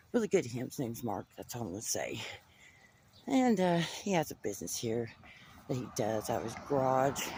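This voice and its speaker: A woman's voice: deep voice, husky. A woman vlogger, telling a rambling personal story in a chatty way, calling the listener honey and swearing freely. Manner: animated, swings from loud to hushed. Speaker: psychic vlogger. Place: inside a U-Haul truck.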